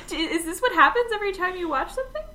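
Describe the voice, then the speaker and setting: A woman's voice: very high voice, lively intonation, quick pace, pushed and bright, echoey room. A woman co-hosting a podcast in casual chat, teasing her co-host and laughing easily.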